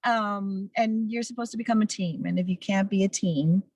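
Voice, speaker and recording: A woman's voice: mid-range voice, normal speed, darkish tone, no echo, low-quality recording. Earnest, emphatic woman in her fifties. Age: 50s. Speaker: guest speaker and nonprofit founder. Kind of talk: conversational interview answers.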